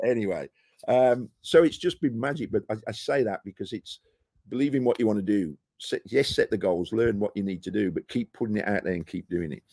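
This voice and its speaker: A middle-aged man from the United Kingdom talks casually in an interview, his voice low and gravelly with a husky edge. He spins lively anecdotes and slips into the voices of the people he quotes. The sound is close and dry. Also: brisk, no room sound. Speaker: guest, property investor. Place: rooftop terrace outdoors.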